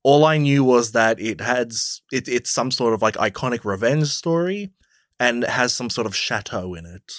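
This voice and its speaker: A man's voice: medium pitch, lively intonation, moderate pace, no echo, clean studio sound. A man co-hosting a podcast, chatting casually about a film in an easygoing way with plenty of fillers. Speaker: podcast co-host.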